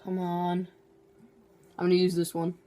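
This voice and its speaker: A woman talks her viewers through a little home demonstration in an easygoing, unhurried way. Her voice sits a touch low, and her eyes are watering as she speaks. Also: completely flat delivery, mellow. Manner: slow, low-key instructions that break into giggles. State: teary-eyed. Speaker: vlogger.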